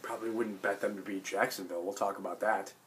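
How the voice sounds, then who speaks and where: A man in his late twenties with a hoarse voice from illness, talking in a rambling, emphatic sports vlog full of restarts. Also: on the low side, steady tone, fast talker, slight background noise. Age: late 20s. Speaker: sports vlogger. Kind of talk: casual sports vlog monologue.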